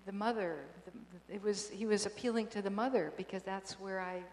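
A woman's voice: medium pitch, moderate pace. Older woman telling a story in an echoey hall. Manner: animated, emotional, frequent restarts and laughs. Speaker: speaker giving a personal testimony. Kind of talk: storytelling talk to an audience. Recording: echoey hall with long reverb.

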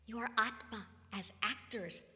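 A woman's voice: a little high, a little slow, bright, forceful tone. Older woman preaching in a reverberant hall. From California. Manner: emphatic, preaching. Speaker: spiritual teacher. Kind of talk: spiritual talk to an audience.

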